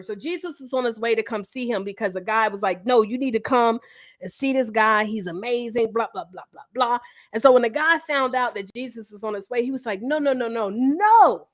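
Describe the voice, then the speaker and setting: Woman on a live stream, animated storyteller, talks to her viewers like friends, kinda high voice. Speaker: host. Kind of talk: livestream talk.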